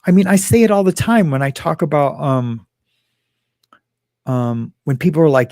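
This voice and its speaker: A man's voice: fairly high pitch, expressive, normal speed, long pauses, a little mellow, dry recording, clean studio sound. A man hosting a casual talk show, rambling and emotional, with many fillers and restarts. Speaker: host.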